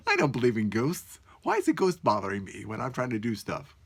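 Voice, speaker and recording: A man's voice: mid-range voice, very animated, measured pace, long pauses, breathy edge. A man talking casually to the camera from his computer at home at night, amused and musing aloud. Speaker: vlogger.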